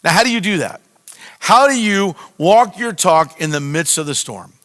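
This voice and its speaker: A man's voice: high voice, expressive, moderate pace, a bit bright. A man pastor preaching a sermon with impassioned, repetitive cries to his listeners. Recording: long hall reverb.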